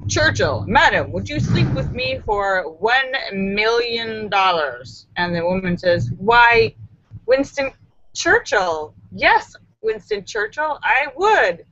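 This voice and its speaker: A woman's voice: on the high side, sing-song, slow, a bit bright, no echo, muffled recording. A woman hosting a live stream, reading jokes aloud with playful comic asides. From United States.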